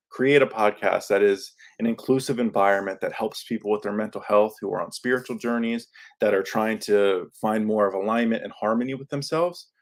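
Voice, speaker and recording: A man hosting a podcast, talking casually in a lively monologue and acting out quoted lines in his own voice. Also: on the low side. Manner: animated, acts out quoted lines; self-described yelling into a microphone. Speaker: podcast host. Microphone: studio microphone.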